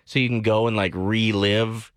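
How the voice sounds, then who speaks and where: A man's voice: on the low side, steady tone, moderate pace, no room sound, studio quality. A man co-hosting a morning radio show, joking easily and laughing often in casual banter. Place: radio studio. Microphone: studio microphone.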